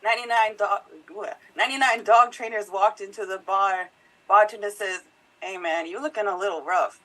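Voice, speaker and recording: Playful female improv player, bright tone, quick pun delivery. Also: medium pitch, fairly even intonation, low-quality recording. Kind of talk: quick-fire joke telling.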